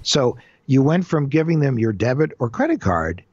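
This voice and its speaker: In an interview, a male identity-theft expert answers questions by telling stories, animatedly acting out the voices of scammers and their victims. His mid-range voice moves at a normal speed with a breathy edge, and the recording has no room sound but cuts off the highs.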